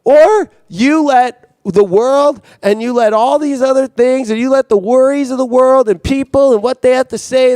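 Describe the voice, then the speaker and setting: A man's voice: very high-pitched, a little mellow, no room sound, clean studio sound. A man giving an intense, profane astrology monologue as host, often repeating himself.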